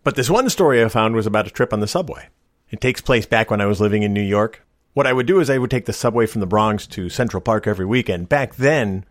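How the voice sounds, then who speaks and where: Wry middle-aged male storyteller, lively pitch. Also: no echo, studio quality. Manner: wry, deadpan joking delivery. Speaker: storyteller host. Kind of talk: casual spoken storytelling.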